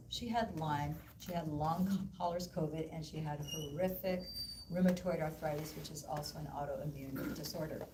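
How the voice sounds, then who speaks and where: A woman presenting at a live wellness event, telling a story to an audience in an animated way and acting out the voices of the people she quotes. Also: low voice, background noise. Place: event room. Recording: echoey room, voice from far off.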